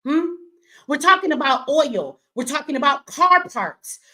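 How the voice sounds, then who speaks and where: A woman running a live stream, confrontational and profane, swinging between yelling at viewers and slow, emphatic explaining. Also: sits high, expressive. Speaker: livestreamer answering her chat; business owner.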